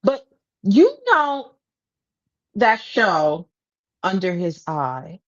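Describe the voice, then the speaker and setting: A woman's voice: medium pitch, big pitch swings, drawn-out words. A woman co-hosting a podcast over a video call, chatting casually with a teasing, joking manner. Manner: teasing, joking, playful asides. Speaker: podcast co-host. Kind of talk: casual chat. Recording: dull lo-fi video call audio.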